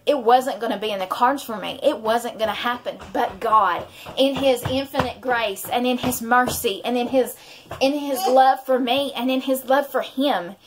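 A woman tells a personal faith story in a heartfelt, rambling way, circling back and restarting her sentences. Her voice sits a little high for a woman. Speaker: vlogger and mother. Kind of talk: emotional personal testimony.

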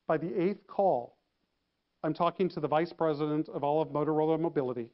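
A man telling a story to an audience, lively, acting out the phone calls he describes. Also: fairly high pitch, brisk, lo-fi sound. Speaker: keynote speaker. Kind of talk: storytelling talk.

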